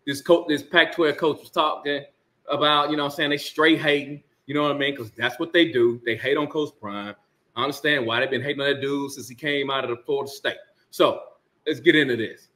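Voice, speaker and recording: A man's voice: medium pitch, fairly even intonation, fairly quick, sharp tone. A man hosting a casual sports talk rant, emphatic and sarcastic with laughing asides. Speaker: sports commentary host.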